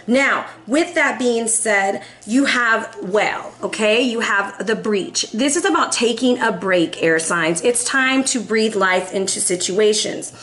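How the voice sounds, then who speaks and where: A woman's voice: medium pitch, fairly bright tone, reverberant. A woman in her forties giving a casual, upbeat tarot reading, chatty and often checking in with "okay?". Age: 40s. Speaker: tarot reader.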